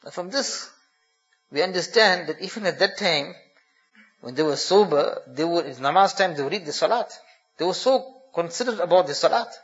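Guy preaching, dramatic storytelling w arabic phrases mixed in, really high bright voice. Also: lively intonation, brisk, muffled recording. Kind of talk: sermon storytelling.

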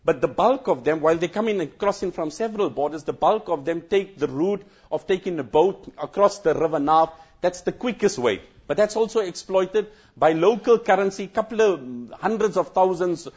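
Earnest male cleric, high-pitched voice, dull lo-fi sound, recounting an emotional scene. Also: animated, moderate pace, hardly any pauses, a little mellow, breathy edge. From South Africa. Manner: earnest, repeats phrases, breaks into chanted Quran recitation. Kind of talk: emotional first-hand recounting talk.

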